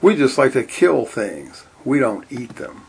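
A man voicing a cruel band of tiny Vikings in a storybook reading, gruff and jeering. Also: medium pitch, big pitch swings, unhurried, darkish tone, heavily acted, rough recording.

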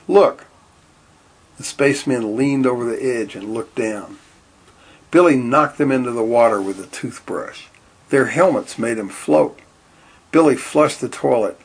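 A man's voice: medium pitch, husky. A man reading a children's story aloud, raising his voice for the characters' lines and dropping it for the narration. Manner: lifts voice for quoted lines, drops for narration.

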